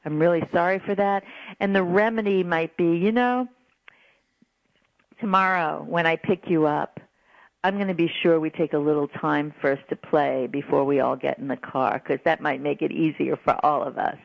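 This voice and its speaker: A woman guest on a radio call-in show giving parenting advice in an earnest, animated way. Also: deep voice, moderate pace, gravelly, no room sound. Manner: earnest, animated, acts out quoted apologies. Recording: dull lo-fi radio broadcast.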